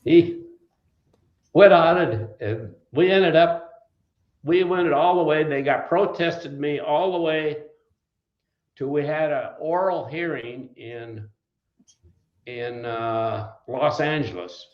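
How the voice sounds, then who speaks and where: Speaking slowly with long pauses and a fairly high pitch, this older Wisconsin man looks back on his early days as a trucking company founder. He's an interview guest whose folksy stories wander from one anecdote to the next, with frequent restarts. The audio sounds echoey and slightly dull.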